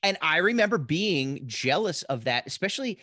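A man's voice: a little high, big pitch swings, normal speed, sharp tone, no room sound, clean studio sound. A man from Pennsylvania co-hosting a podcast, easygoing and agreeable, often restarting his sentences. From Pennsylvania, USA. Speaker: podcast co-host, comedian. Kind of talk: casual chat.

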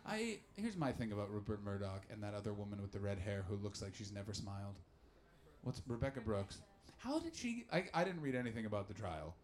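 A man doing stand-up comedy and chatting with the crowd. His delivery is animated and full of swearing, and he swings between shouting and muttering. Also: on the low side, brisk, slight background noise. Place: live comedy venue with audience.

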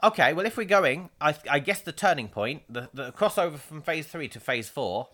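Thirties man, podcast co-host, animated and laughing, bright and expressive. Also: on the high side, normal speed. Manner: animated, laughs often, storytelling. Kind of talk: casual chat.

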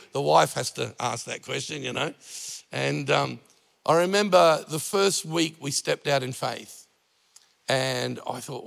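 Gravelly pastor preaching. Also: male voice, medium pitch, measured pace, fairly bright tone, big-room sound. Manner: conversational preaching with jokes and acted-out anecdotes. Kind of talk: sermon.

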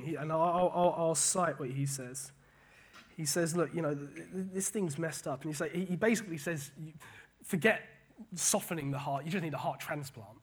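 A man preaching a casual sermon, animated, often repeating words and paraphrasing scripture. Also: on the high side, husky.

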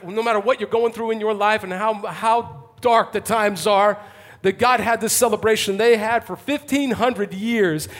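High-voiced impassioned male preacher. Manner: impassioned preaching, dropping to hushed intensity. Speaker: pastor. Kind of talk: sermon. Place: church, before a congregation.

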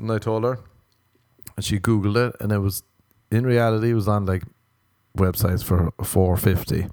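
A man's voice: lowish voice, warm tone, no room sound, clean studio sound. A young man hosting a solo podcast, rambling through stories in a self-mocking way and swearing casually. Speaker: podcast host. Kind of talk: rambling comedic monologue.

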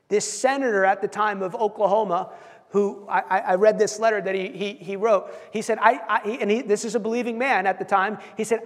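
A man preaching a sermon, telling stories and acting out quotes with animated delivery, often repeating words as he goes. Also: high-pitched. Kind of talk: sermon storytelling. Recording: long hall reverb.

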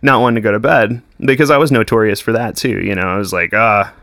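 A man's voice: fairly low pitch, fast, vocal fry, fairly bright tone, dry recording, studio quality. A young man, chatting casually as a podcast guest, full of swearing, "like" and "dude". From Texas. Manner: swears constantly, says "like" and "dude" a lot. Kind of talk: casual chat.

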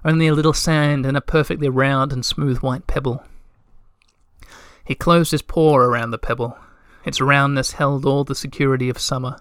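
A man narrating a storybook in a calm, measured way. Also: medium pitch, smooth, no room sound, clean studio sound. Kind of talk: audiobook narration.

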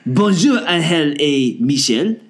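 A man voicing a pompous male French letter writer in a fake French accent, reading slowly. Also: a little high, animated, voice pushed up. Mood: mock pompous.

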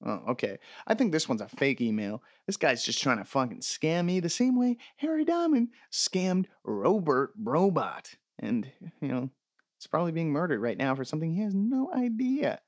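A man's voice: a little high, big pitch swings, normal speed, no echo. A man hosting a comedy podcast, reading listener emails aloud and answering them with sarcastic, profane mock rants. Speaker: podcast host.

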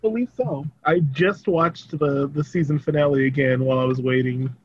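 A man's voice: a little high, moderate pace, a little hiss or hum. A man co-hosting a podcast in casual chat, easygoing and often laughing. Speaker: podcast co-host. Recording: dull muffled audio.

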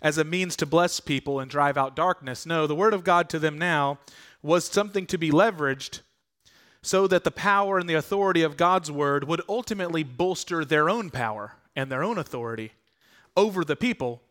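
Guy preaching a sermon, chatty and earnest, voice sits a bit high. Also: brisk, a bit bright. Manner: conversational, earnest preaching with rhetorical questions. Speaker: pastor.

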